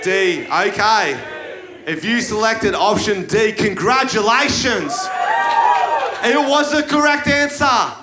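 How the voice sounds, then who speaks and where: Stand-up, high unhurried voice, live in an echoey room with a loud crowd. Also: male voice, expressive, very noisy. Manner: quiz-show delivery, bursts into shouting. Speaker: stand-up comedian. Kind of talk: stand-up comedy routine. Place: live comedy venue. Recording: roomy live venue with crowd. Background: audience laughter.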